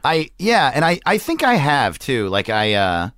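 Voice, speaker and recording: A man's voice: medium pitch, wildly swooping pitch, a little slow, a bit bright, no room sound, clean studio sound. A young man, a comedian, chatting casually on a podcast, laughing often and acting out quotes. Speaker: comedian guest. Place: garage studio.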